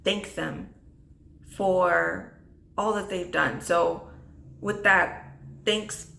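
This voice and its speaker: A woman vlogger giving a heartfelt, emotional talk to camera, halting and earnest, with many restarts. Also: fairly low pitch, steady tone, vocal fry, pushed and bright. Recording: echoey room.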